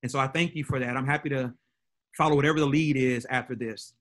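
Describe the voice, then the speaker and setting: A man's voice: medium pitch, fairly even intonation, fast, fairly bright tone. A middle-aged man, a pastor, telling a personal story to a church audience in an earnest way that often repeats and restarts words.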